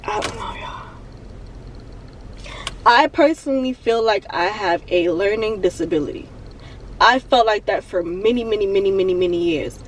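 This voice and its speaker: A young woman on the edge of tears talks into her phone from a parked car, halting and repeating herself as she vents. Her voice sits a little back from the mic, with a faint hum of road and cabin noise underneath. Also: mid-range voice, lively intonation, far from the mic, poor audio. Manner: raw, halting, repeats herself while venting. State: emotional, near tears. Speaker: vlogger. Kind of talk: emotional confessional vlog.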